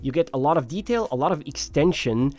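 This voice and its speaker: A man's voice: a little high, lively intonation, a little fast, darkish tone, faint music behind. A man giving a casual, personal review of earphones, talking in a chatty way with many fillers. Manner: chatty, personal, frequent "you know" and "like". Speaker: audio reviewer.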